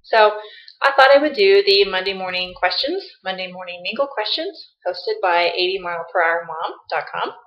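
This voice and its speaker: A woman's voice: mid-range voice, expressive, moderate pace. A woman chatting casually and playfully to her laptop webcam, teasing herself as she goes. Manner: playful, self-mocking, chatty. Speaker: vlogger. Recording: roomy, slightly dull laptop audio.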